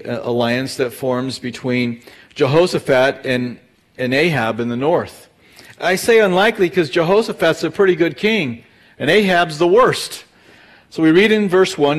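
A middle-aged male pastor walks through Scripture verse by verse, telling the story casually with plenty of ums and acted-out dialogue. His speaking voice sits a touch higher than most men's. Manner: casual storytelling with fillers and lively retold dialogue. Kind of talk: verse-by-verse Bible teaching.

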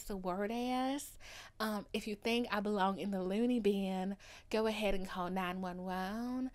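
A woman's voice: medium pitch, measured pace. Overdramatic playful woman podcaster. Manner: overdramatic and playful, swinging from hushed asides to loud declarations. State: loopy and tired late at night. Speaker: podcast host. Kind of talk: casual solo podcast chat.

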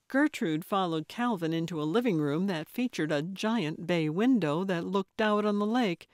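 Scripted audiobook narration comes from a woman with a fairly low pitch, delivered in an even, measured storytelling way. The recording is dry and has clean studio sound.

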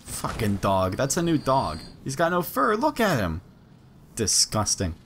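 A young man talks through a game in casual let's-play style, his pitch jumping all over as he reacts. He swears and yelps during tense moments. A faint hiss of noise sits under the recording. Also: huge pitch swings, measured pace. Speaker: gaming let's-play host. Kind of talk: casual gameplay commentary.

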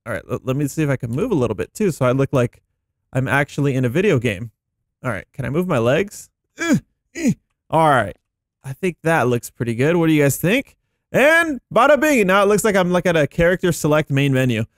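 A man giving excitable, chatty gameplay commentary as a gaming YouTuber, thinking aloud as he goes. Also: fairly high pitch, a little fast, dry recording, studio quality.

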